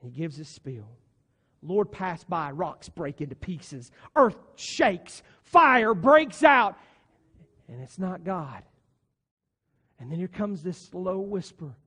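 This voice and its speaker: A man preaching a sermon, moving between soft, low passages and loud, emphatic ones. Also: very animated, takes it slowly, husky. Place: church sanctuary. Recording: long church reverb.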